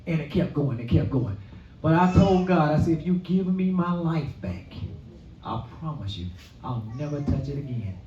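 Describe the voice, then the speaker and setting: A man's voice: a little high, lively intonation, normal speed, warm tone, slight background noise. Man giving testimony in an echoey hall. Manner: storytelling, preacher-like, rising to exclamations. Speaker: guest speaker. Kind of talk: personal testimony. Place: event hall at a luncheon. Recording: echoey room from far off, dull sound.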